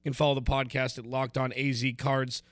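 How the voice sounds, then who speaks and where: A man's voice: medium pitch, level tone, brisk, no echo, studio quality. An American man hosting a sports podcast in a loose, emphatic, casual way. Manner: loose, emphatic, talks over his co-host. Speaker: podcast host.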